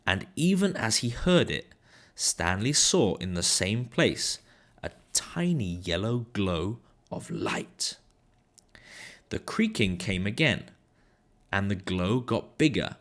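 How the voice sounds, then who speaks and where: A man, an English teacher, reading a children's book aloud in an expressive storytelling manner. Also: fairly low pitch.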